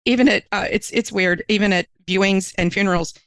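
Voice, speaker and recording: A woman's voice: mid-range voice, brisk, dry recording, poor audio. A woman minister, a podcast guest, telling a personal story in an earnest, emotional way, her voice climbing when she is moved.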